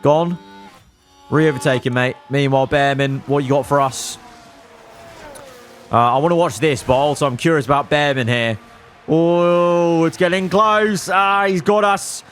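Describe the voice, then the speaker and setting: A man commentating his own racing management game, cheering on his drivers and swinging between calm analysis and elated outbursts. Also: fairly high pitch, measured pace, faint music behind. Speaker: gaming YouTuber.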